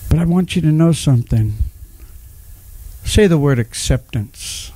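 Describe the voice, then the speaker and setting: A middle-aged man preaches in his church, giving personal testimony at a deliberate, unhurried pace. His voice sits slightly high for a man and sounds dry and close, with no room around it. He turns often to the congregation and asks them to repeat his words. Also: lively intonation, mellow, husky, dry recording. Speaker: pastor. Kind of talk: sermon.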